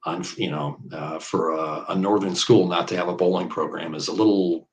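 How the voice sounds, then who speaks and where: A man in his fifties from the American Midwest talks in a very low voice. He rambles through stories in casual interview chat, full of fillers and side tangents. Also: fairly even intonation, normal speed, poor audio. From Iowa, US Midwest. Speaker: guest bowler.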